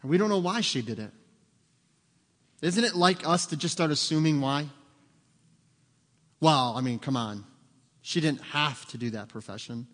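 A man's voice: a little high, animated, moderate pace, pauses often, fairly bright tone. A man preaching a sermon as pastor, earnest, asking rhetorical questions and acting out the voices he quotes. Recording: long hall reverb.

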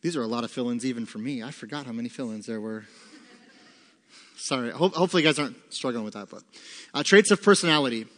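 A man's voice: mid-range voice, fast, a bit bright. A man teaching a Bible lesson to a congregation, emphatic, asking rhetorical questions and answering them himself. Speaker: pastor teaching a Bible study. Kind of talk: sermon-style Bible teaching with fill-in notes. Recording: long reverb of a large room.

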